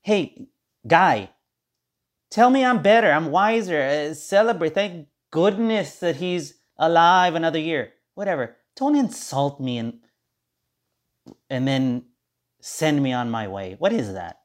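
A man's voice: a little high, animated, unhurried. A man hosting his own podcast, talking in a rambling, sarcastic monologue and slipping into mock-cheerful voices of others. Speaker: podcast host. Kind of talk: casual monologue.

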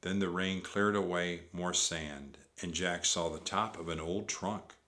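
A man reading a children's storybook aloud with animated delivery. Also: low-pitched, a little slow. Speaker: narrator.

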